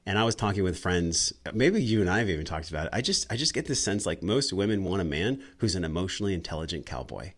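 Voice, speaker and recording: A man's voice: low voice, animated, quick pace, hardly any pauses. A man hosting a podcast, reflecting thoughtfully in casual interview chat. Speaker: podcast host.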